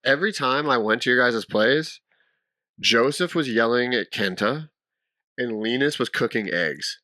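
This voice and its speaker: Young male host, bright tone, loose profane banter; dry close-mic sound. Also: mid-range voice, expressive, unhurried, no room sound. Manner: profane, laid-back banter. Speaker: podcast host. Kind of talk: casual podcast chat.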